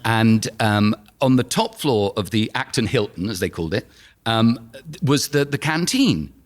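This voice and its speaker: Lively London man in his fifties. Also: fairly low pitch, measured pace. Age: 50s. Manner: chatty storyteller, laughs through his anecdotes. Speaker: actor and guest. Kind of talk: casual anecdotal chat.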